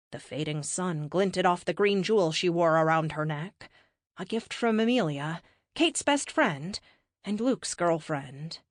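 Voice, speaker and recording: A woman reading a science fiction audiobook in an expressive, measured narration, close to the mic. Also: lowish voice, dry recording. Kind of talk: scripted narration.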